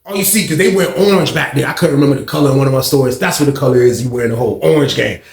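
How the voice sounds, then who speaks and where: A man telling a casual, rambling story in slang, acting out shouts along the way. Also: mid-range voice, racing, creaky, echoey room.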